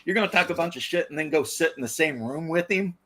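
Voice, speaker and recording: A man's voice: a little high, fast. A man in casual chat as a podcast co-host, telling stories with lots of acted-out quotes and laughs. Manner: animated storytelling, acting out quotes with laughs.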